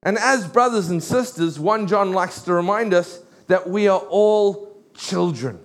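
A middle-aged man preaching a sermon, animated and storytelling, slowing down to read scripture. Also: high-pitched.

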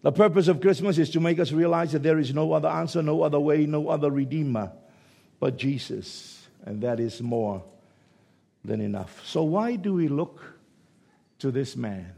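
Raspy preacher with a gravelly edge. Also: male voice, on the high side, animated, normal speed. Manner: dynamic, swings from hushed to shouting. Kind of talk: sermon.

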